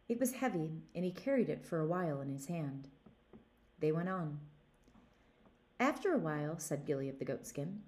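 Children's storyteller, woman, low and very animated. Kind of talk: reading a fairy tale to children.

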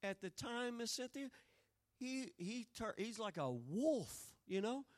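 High-voiced preacher. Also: male voice, very animated, takes it slowly. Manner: swells from quiet storytelling to loud, rising preaching. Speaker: pastor. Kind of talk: sermon.

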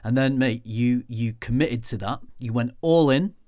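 A man's voice: mid-range voice, normal speed, warm tone, dry recording. A man co-hosts a casual podcast, chatty and teasing in a friendly manner. His voice sits in a middle range, and the recording is close and dry with no room sound. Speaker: podcast co-host. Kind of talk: casual chat.

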